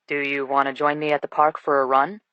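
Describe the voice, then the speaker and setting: Woman reading a chill teasing guy, low easygoing voice, audiobook. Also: level tone, brisk, a bit bright, smooth, dry recording, highs cut off. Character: deep-voiced young man, relaxed and teasing.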